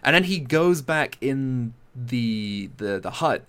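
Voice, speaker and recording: A young man from Britain chatting casually, retelling a film scene with lively impressions. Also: mid-range voice, takes it slowly. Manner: animated storytelling with impressions. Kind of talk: casual chat.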